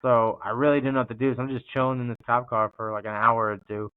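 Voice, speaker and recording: A man from New York with a New York accent, telling a story casually in an animated, slangy way as podcast host. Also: medium pitch, quick pace, clear, resonant tone, no echo. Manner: animated and slangy, acts out scenes. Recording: tinny phone-like dry sound.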